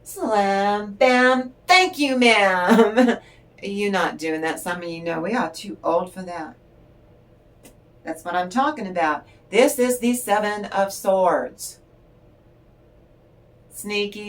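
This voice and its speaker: An older woman giving a tarot reading in a chatty, rambling storytelling way, laughing often. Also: on the low side. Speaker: tarot reader. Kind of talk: casual spiritual chat and storytelling. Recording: voice distant from the mic.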